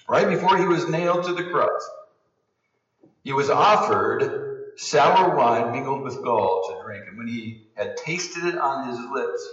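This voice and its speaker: A man preaching a sermon as pastor, earnest, rising for emphasis and dropping to hushed low passages. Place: church sanctuary. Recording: roomy, distant, dull sound.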